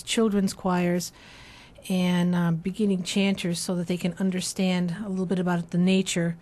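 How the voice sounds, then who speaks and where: A woman who composes and translates church chant explains her method carefully in an interview, her mid-range voice dark in tone. Now and then she pauses to sing short chanted phrases as examples.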